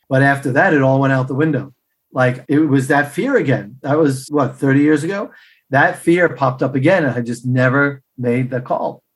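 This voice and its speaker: A middle-aged man, a podcast guest, telling personal stories in an animated way and acting out the dialogue. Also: a little high. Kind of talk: storytelling interview answers.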